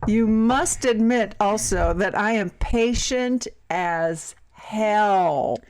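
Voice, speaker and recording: A woman's voice: mid-range voice, drawn-out words, darkish tone, no room sound. A woman co-hosting a casual chat, talking in a dry, exasperated, blunt way. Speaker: podcast co-host.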